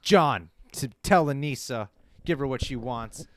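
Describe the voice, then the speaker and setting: A man's voice: medium pitch, a little slow, a bit bright. A man co-hosting a casual livestream chat, who laughs a lot and swears freely. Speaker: co-host.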